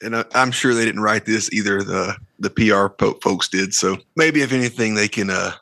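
Guy with a tense bright voice rambling through whiskey notes, low-ish pitch, dry sound. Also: normal speed, creaky, no echo. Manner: rambling, self-correcting, laughs often. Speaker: whiskey reviewer. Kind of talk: casual tasting chat.

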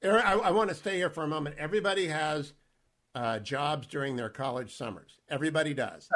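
Male host, slightly high voice, teasing and relaxed with his guest. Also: fairly quick. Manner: playful, jokes about his own pronunciation. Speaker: interview host. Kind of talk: casual interview.

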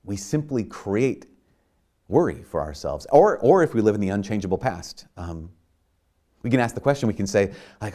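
A man's voice: fairly low pitch, sing-song, moderate pace, warm tone. A man preaching a sermon in an earnest, conversational way, with many fillers and restarts.

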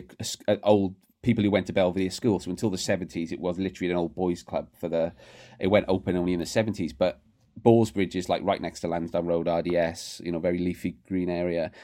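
Brief: male interview guest, low voice, rattles through stories at speed. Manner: rapid, animated anecdotes with frequent restarts. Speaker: guest, rugby writer. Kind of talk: casual storytelling interview.

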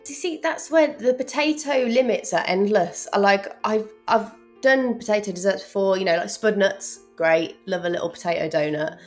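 Woman, cookbook author guest, bubbly, animated, chatty. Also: mid-range voice, normal speed, hardly any pauses, soft background music. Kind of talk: casual interview chat.

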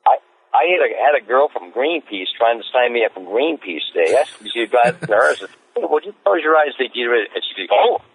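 A man telling stories as an interview guest, rambling and repeating himself as he gets excited. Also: medium pitch, fairly quick, a little hiss or hum. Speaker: street evangelist guest. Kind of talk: casual interview storytelling. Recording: tinny phone line.

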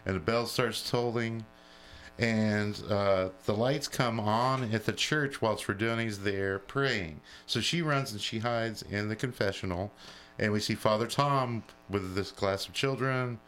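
A man on a podcast recapping a horror film in a casual, profane, animated way. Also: on the low side, a little slow, a little hiss or hum. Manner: profane, animated retelling of plot. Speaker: podcast co-host. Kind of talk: casual chat.

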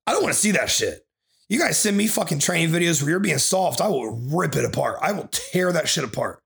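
Gravelly man ranting, profane coach. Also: a little high, big pitch swings, fairly quick, a bit bright. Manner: profane, aggressive, swears constantly. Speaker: podcast host and bodybuilding coach. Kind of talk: ranting podcast talk.

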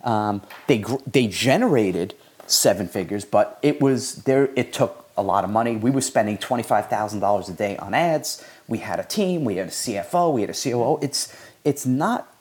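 A man's voice: fairly low pitch, lively intonation, moderate pace, a little mellow, slightly rough. A man talking casually as a podcast guest, rambling with many restarts and stammers. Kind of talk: casual conversation.

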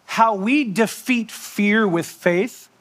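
High-voiced man preaching conversationally. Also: slow pace, a bit bright. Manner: conversational, joking, with asides and laughs. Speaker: pastor. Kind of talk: sermon.

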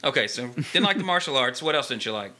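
Fast-talking, very bright-voiced male podcaster. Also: medium pitch, lively intonation. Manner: teasing, quick questions, chuckles. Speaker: podcast co-host. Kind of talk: casual chat.

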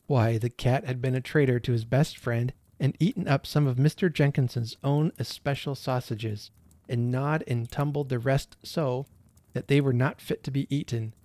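A man narrating a classic holiday story in a gentle, expressive storytelling manner. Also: mid-range voice, normal speed, dry recording.

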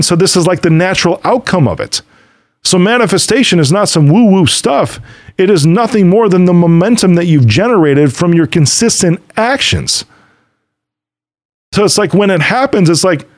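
Animated man telling motivational stories. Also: high-pitched, no echo, clean studio sound. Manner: storytelling, quotes others and himself; casual, swears now and then. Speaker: podcast host. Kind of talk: motivational monologue.

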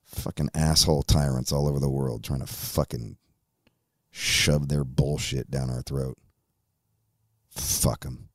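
A man's voice: rumbling low, level tone, measured pace, long pauses, no echo. A man hosting a podcast, ranting in an angry, profane way, recorded on a close studio mic. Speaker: host.

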